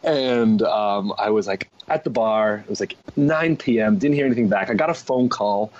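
A young man telling a story as a guest, excitable and chatty with many fillers. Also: lowish voice, moderate pace. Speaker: guest, gaming show host. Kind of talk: casual storytelling. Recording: dull lo-fi audio.

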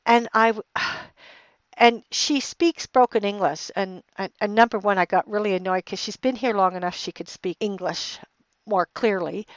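Medium pitch, moderate pace: a middle-aged woman hosting a podcast recounts a personal story, rambling with lots of fillers and restarts. She becomes heated and emphatic when retelling anger, and the recording is dull, lo-fi and dry.

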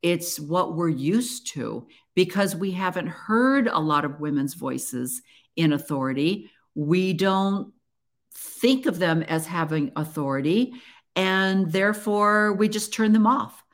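A woman hosts her own casual solo podcast, speaking slowly in a lowish voice. She addresses listeners in an earnest, encouraging way and often restarts her sentences.

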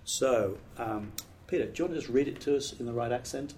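A man's voice: mid-range voice, brisk, a little mellow, slight background noise. A middle-aged British man, a pastor, giving a training talk on preaching in an earnest, emphatic, conversational way with restarts. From Britain.

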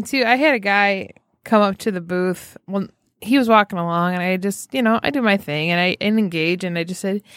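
A woman co-hosting a podcast in casual chat, telling animated stories and quoting people as she goes. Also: medium pitch, dry recording, clean studio sound. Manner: animated storyteller, quotes people. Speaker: podcast co-host.

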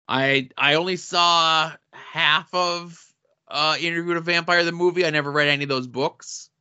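A man co-hosting a casual podcast, reading listener notes and product listings in a dry, deadpan way. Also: fairly high pitch, normal speed, clean tone. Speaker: podcast co-host. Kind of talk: casual podcast chat with sponsor reads. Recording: dull lo-fi audio.

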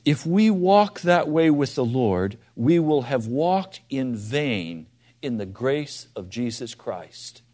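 A man preaching a sermon, asking his listeners direct questions and moving between soft, quiet asides and loud, emphatic appeals. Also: medium pitch, lively intonation, slow pace.

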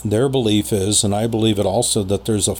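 A man telling a personal story in casual conversation as a podcast guest, rambling with many pauses and fillers. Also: lowish voice, steady tone, a little mellow, slight background noise.

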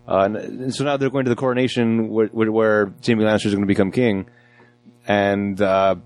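A man's voice: lowish voice, flat delivery, brisk, a little mellow, soft background music. A man co-hosting a casual film review chat, easygoing, often stumbling and restarting as he talks. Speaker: podcast co-host reviewing a film.

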